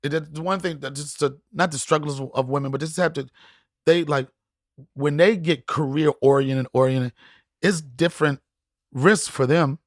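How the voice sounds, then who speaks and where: A middle-aged man, a guest comedian, telling stories in podcast chat, animated and acting out voices with frequent laughter. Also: fairly high pitch, normal speed, no echo, studio quality. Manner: animated storyteller, acts out voices, laughs often.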